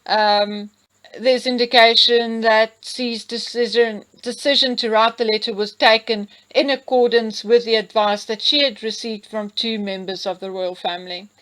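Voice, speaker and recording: A woman's voice: on the high side, steady tone, a bit bright, rough recording. A woman reading a legal document aloud, breaking off with emphatic asides to her listeners. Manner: slow, deliberate reading.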